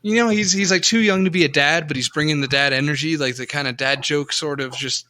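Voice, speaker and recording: A man's voice: a little high, steady tone, fairly quick, bright, forceful tone. A man co-hosting a casual podcast chat about old games, rambling with lots of restarts and fillers. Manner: rambling, many restarts and fillers, self-mocking. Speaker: podcast co-host.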